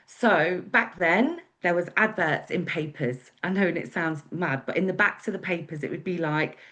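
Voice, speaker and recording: A woman's voice: fairly low pitch, moderate pace, fairly bright tone. A woman with an English accent, telling her own story as a guest speaker in a chatty, candid way. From England. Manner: chatty, candid, with acted-out quotes. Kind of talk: personal storytelling.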